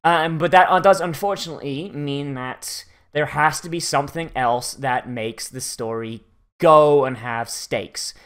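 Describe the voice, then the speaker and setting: A man recaps an anime episode in loose, profane, rambling talk, often restarting his sentences. His voice sits a little on the high side. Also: a little slow, fairly bright tone. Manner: rambling, sweary, frequent restarts. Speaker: anime reaction host. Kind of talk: casual profane commentary.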